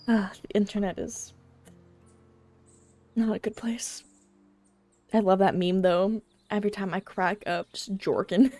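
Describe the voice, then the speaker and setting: A woman's voice: mid-range voice, steady tone, unhurried, long pauses, a little mellow. A woman streamer giving casual, giggly commentary while playing a game. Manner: giggly, playful, rambling.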